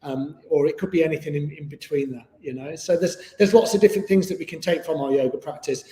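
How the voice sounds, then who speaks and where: A man's voice: on the high side, fast, warm tone. A man teaching a live online yoga class in an easygoing, chatty way with many fillers. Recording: echoey room with long reverb.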